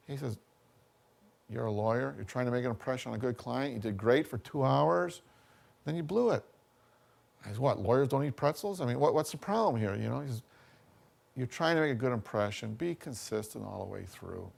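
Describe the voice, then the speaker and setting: A man's voice: medium pitch, animated, a little fast, gravelly, darkish tone. A man giving a college workshop talk, chatty and full of anecdotes, often checking in with "you know" and "okay?". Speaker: workshop speaker.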